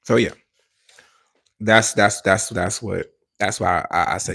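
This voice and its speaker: A man's voice: fairly low pitch, fairly even intonation, takes it slowly, gravelly, fairly bright tone, breathy edge. A man hosting a casual livestreamed podcast, rambling and emphatic, with slangy, profane talk and frequent restarts. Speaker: podcast host.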